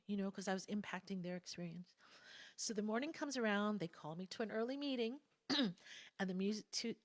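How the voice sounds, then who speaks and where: A woman speaking at a spiritual gathering, telling a candid personal story in a reflective, conversational way with soft asides. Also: mid-range voice, dry recording. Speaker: guest speaker.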